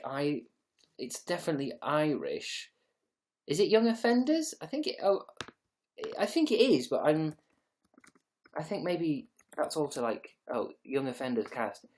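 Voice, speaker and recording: A man's voice: on the high side, a little mellow. A man hosting a casual livestream, chatting to viewers in a rambling, sarcastic, sweary way. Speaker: livestream host.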